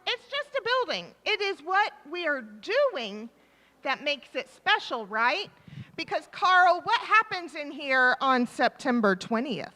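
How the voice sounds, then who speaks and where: Lively high-voiced woman leading a children's talk. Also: takes it slowly. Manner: animated, encouraging, asks children questions and repeats their answers. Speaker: leader of a children's time in a church service. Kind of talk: interactive children's talk with questions. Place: church sanctuary. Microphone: microphone. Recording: reverberant church hall.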